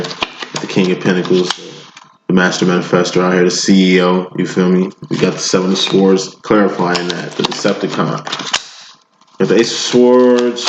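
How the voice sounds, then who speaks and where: A man with a very low voice talks through a tarot spread in relaxed slang, keeping a mostly flat, monotone delivery. The recording is dull and lo-fi, with a loud steady noise under the voice. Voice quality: self-described monotone. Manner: laid-back, slangy, chuckles between lines. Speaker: tarot reader. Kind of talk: casual tarot reading. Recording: echoey room, dull lo-fi, loud background noise.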